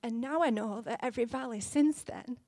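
A preacher in her thirties gives a sermon in an earnest, gently conversational way at a brisk pace. Her slightly high voice is recorded close and dry, with no room sound.

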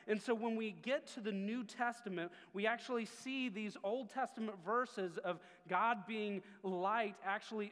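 A man preaching a sermon as pastor, earnest, dropping low and quiet on key phrases. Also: big-room sound.

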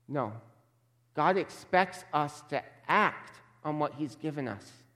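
A man's voice: fairly high pitch, lively intonation, fairly bright tone. Emphatic male pastor in a reverberant hall. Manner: emphatic, measured, slows for stress. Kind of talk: sermon.

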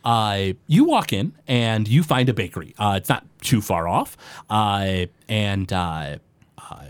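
A man's voice: fairly low pitch, lively intonation, slow, clean tone, dry recording. A man narrating as game master in a tabletop game, rambling with many fillers.

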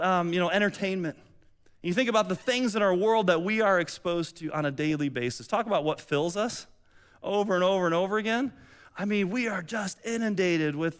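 A man's voice: high voice, smooth. A man pastor giving a sermon in a conversational, chatty way, with many asides and restarts.

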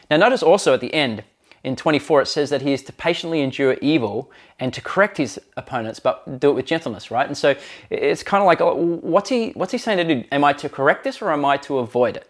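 A man's voice: a little high, animated, fast. Earnest man preaching a sermon. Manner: earnest, conversational preaching with fillers. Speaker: pastor.

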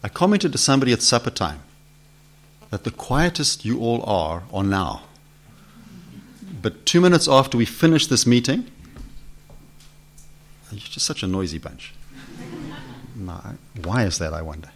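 Medium in pitch but swinging widely, this preacher's voice moves at a normal speed with frequent pauses. He teaches a Bible study to a live group in a meeting room, conversationally asking questions and acting out voices from the text.

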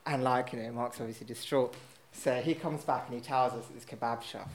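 A man's voice: mid-range voice, fairly even intonation, fairly quick, slight background noise. A man telling a casual anecdote on stage, rambling with lots of fillers and poking fun at himself. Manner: rambling, filler-heavy, self-mocking. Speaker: storyteller at a live event.

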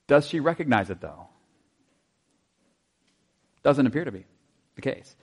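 A man preaching a sermon in a conversational way, asking his listeners rhetorical questions and dropping into soft asides. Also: mid-range voice, very animated, measured pace, creaky, husky. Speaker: pastor.

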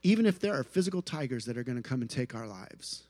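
A man preaching a sermon at an outdoor tent gathering, earnest, moving between soft hushed passages and rising emphatic ones. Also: medium pitch, animated, very fast. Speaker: pastor.

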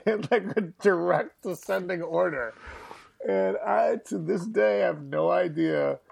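A man's voice: sits high, unhurried, gravelly, darkish tone, slightly rough. A young man telling a story in a casual chat, laughing often and swearing as he acts out what others said. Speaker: guest musician.

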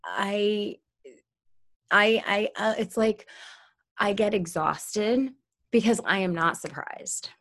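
A woman in casual conversation, talking animatedly and jumping up into high excited tones at times. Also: slow, long pauses. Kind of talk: casual chat.

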